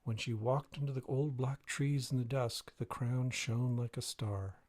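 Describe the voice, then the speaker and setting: A man reading a dark fairy tale aloud in a measured, even way. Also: medium pitch, dry recording. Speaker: reader. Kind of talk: storybook reading.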